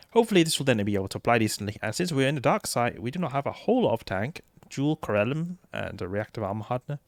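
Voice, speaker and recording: A man's voice: lowish voice, vocal fry, no room sound. A man hosting a gaming channel, talking casually through a game setup while slightly ill, his voice cracking at times, thinking aloud with fillers and restarts. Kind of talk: casual gameplay commentary.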